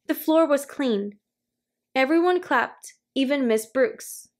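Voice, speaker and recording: Woman, children's story read-aloud, slow, expressive, fairly high voice. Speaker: storybook reader.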